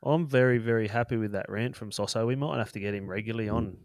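Blunt, joking Australian co-host. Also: male voice, fairly low pitch, quick pace, darkish tone. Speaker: podcast co-host. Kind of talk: casual chat.

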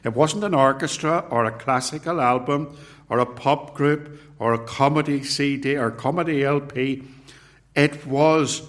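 An older man preaching a sermon, slow and measured, repeating key words for emphasis. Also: mid-range voice, a bit bright.

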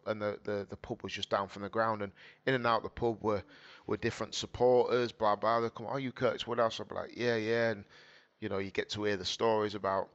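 A low-voiced man, a former footballer turned boxer appearing as a guest, tells his story candidly and conversationally. He is earnest and emotional, his tone a bit bright, and he repeats phrases and quotes his dad. The audio is dull and lo-fi.

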